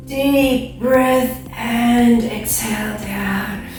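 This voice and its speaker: A woman leading a children's yoga class, giving gentle, playful, encouraging instructions. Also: on the high side, fairly even intonation, very slow, soft background music. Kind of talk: guided kids yoga class. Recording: echoey room, mic far off.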